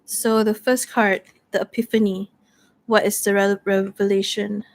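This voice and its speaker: A woman's voice: mid-range voice, flat delivery, unhurried. A woman playing through a solo tabletop story game, thinking aloud hesitantly as she reads tarot cards.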